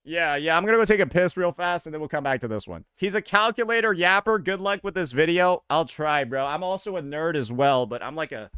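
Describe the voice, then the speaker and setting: A man's voice: on the high side, animated, a little fast, few pauses, sharp tone, clear, resonant tone, no echo, clean studio sound. A male streamer chatting casually to his viewers live, loose and repetitive, from the American South. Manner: loose and chatty, repeats himself.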